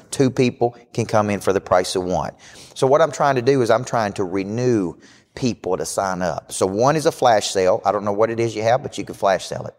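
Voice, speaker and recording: Brash low-voiced male motivational coach. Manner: brash, fast-talking motivational pitch. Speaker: show host and business coach. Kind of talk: live podcast talk. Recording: hall reverb.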